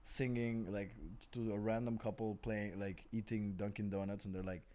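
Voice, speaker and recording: A man's voice: on the low side, normal speed. A man from Peru, a recurring guest comedian, chatting casually on a podcast, swearing a lot and calling his friend "dude" and "bro.". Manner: profane, animated, swears often, says "dude" and "bro".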